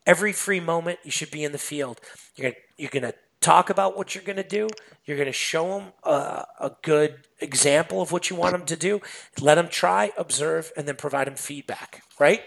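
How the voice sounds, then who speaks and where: A man's voice: a little high, brisk, gravelly. A man guest on a podcast, a sales manager chatting casually and telling stories with lots of fillers. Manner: animated storytelling, many fillers.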